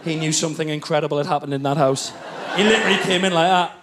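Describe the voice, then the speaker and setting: A man in his thirties with a Geordie accent telling a stand-up story, animated and building to outraged peaks. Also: fairly high pitch, racing, a crowd in the background. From North East England. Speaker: stand-up comedian. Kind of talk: stand-up comedy set. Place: comedy club stage. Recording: noisy live comedy club recording.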